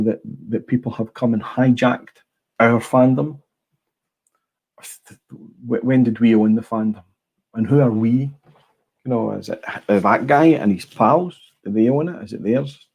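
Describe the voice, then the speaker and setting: A middle-aged Scottish livestream host rambles bluntly and swears freely on a casual stream, recorded with a small clip-on mic. His voice is mid-range, gravelly and dark, with a breathy edge.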